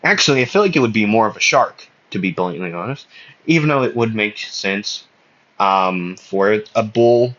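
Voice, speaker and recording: A man's voice: on the low side, animated, normal speed, fairly bright tone. A man casually telling an anime fan story, rambling and hesitant, with many fillers and self-corrections, on a slightly muffled recording. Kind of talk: casual spoken fan fiction.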